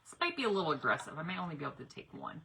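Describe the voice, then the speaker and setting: A woman's voice: low-pitched, sing-song, very fast, creaky, sharp tone, slight background noise. A woman chatting with viewers while demonstrating a craft project on a live stream. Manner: chatty, talks while working, addresses viewers directly. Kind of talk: live crafting demo chat.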